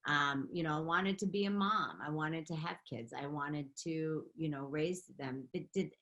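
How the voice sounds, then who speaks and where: A middle-aged woman telling stories in a casual interview, animated and quick to laugh. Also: low-pitched, highs cut off. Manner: animated, laughing, chatty storytelling. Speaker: interview guest, makeup artist and beauty founder.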